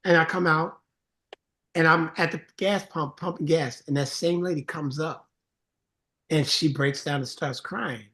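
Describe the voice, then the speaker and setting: A man, a songwriter and producer, telling an earnest story in a casual interview, getting animated when he acts out greetings. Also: on the high side, a little slow.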